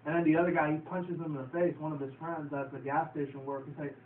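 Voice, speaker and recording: In a very noisy, echoey phone-quality recording made from a distance, a young man with a slightly high voice and little pitch movement rattles off a quick-paced recap of a comedy movie. As a vlogger reviewing the film, he rambles loosely, cusses, and laughs at his own retelling.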